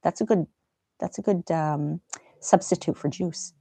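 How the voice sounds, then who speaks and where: A gentle, chatty middle-aged woman hosting a live stream, talking to viewers and laughing now and then. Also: fairly low pitch, a little slow, vocal fry, breathy edge, dry recording. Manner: gentle, chatty, laughs often, soft asides. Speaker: live stream host reading chat. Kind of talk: casual live stream chat.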